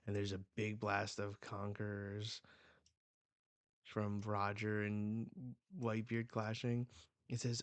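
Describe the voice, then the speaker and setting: A man hosting a live manga reading reaction, reading panels aloud with excited outbursts. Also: on the low side, takes it slowly, no room sound.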